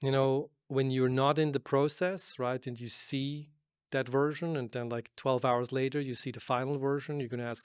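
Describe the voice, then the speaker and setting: A man co-hosting a casual tech podcast, telling animated stories full of quoted asides. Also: mid-range voice, normal speed, smooth, no room sound, studio quality. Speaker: podcast co-host. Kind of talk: casual chat.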